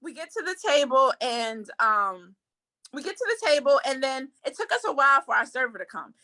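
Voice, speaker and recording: A woman's voice: high voice, a little fast. A young woman hosting a podcast, telling a story in casual chat and acting out the people she quotes. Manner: animated, quotes people in put-on voices. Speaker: podcast host.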